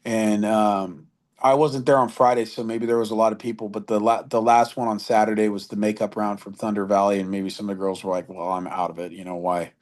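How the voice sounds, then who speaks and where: A man's voice: medium pitch, darkish tone. A man chatting casually as a podcast guest, laid-back and slangy, with frequent fillers and restarts. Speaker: podcast guest, motocross editor.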